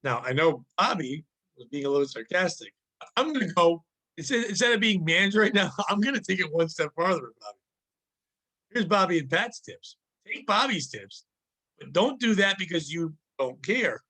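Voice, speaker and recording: A man co-hosting a podcast, telling work stories in a casual, profane, animated way and acting out the people in them. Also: high voice, normal speed, low-quality recording. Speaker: podcast co-host. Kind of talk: casual storytelling chat.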